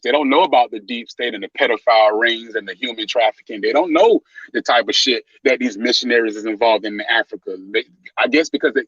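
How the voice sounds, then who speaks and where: A man's voice: medium pitch, a bit bright, slightly rough, no room sound. A man joining a livestream as a guest in casual chat, heated, emphatic and profane. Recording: muffled, dry call audio.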